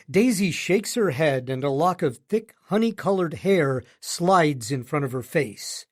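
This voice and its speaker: A man narrating a romance audiobook in first person with a wry, smug, joking manner. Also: on the high side.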